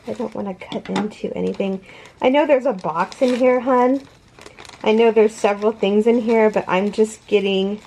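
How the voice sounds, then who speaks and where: A woman in her thirties talks through a casual unboxing vlog, slowly and with plenty of pauses. She gushes with thanks, sounds moved almost to tears, and keeps stopping partway through a sentence to begin it again. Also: mid-range voice, darkish tone, slight background noise. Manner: emotional, gushing, effusive thanks; halting, restarts often. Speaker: crochet channel host.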